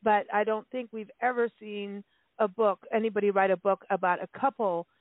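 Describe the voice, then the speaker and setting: A woman's voice: mid-range voice, steady tone, moderate pace, dry recording. A chatty woman hosting a radio interview, rambling and laughing easily as she talks. Her voice comes through a tinny phone line, and the sound is dry. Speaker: radio show co-host. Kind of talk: casual interview chat.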